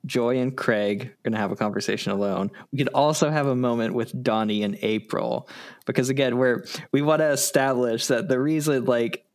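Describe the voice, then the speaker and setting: A man casually brainstorming a comedy sketch, eager and quick to jump in with ideas. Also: mid-range voice. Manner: eager, jumps in with ideas, lots of fillers. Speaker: comedy writer.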